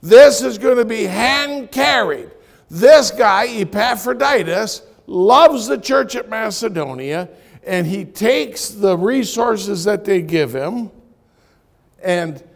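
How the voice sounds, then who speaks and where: A man preaching a sermon in church, swinging from loud punchlines to quiet, confiding asides as he tells stories. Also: high-pitched, lively intonation, takes it slowly, gravelly. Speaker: pastor. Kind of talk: sermon with storytelling.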